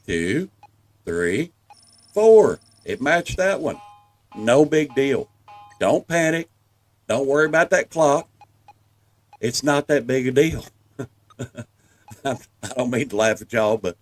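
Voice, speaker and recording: A man's voice: mid-range voice, measured pace, pauses often, fairly bright tone, faint music behind. A man with a Southern US accent giving a folksy, reassuring walkthrough commentary over gameplay, talking viewers through each step. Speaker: gameplay guide.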